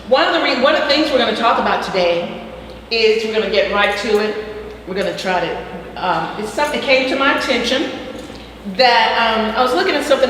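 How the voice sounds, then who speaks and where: A woman teaching a casual spiritual health class who peppers her talk with hallelujahs and fillers, speaking in an echoey room. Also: a little high. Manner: warm and preachy, frequent hallelujahs and fillers. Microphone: far from the mic. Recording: echoey distant room with faint noise.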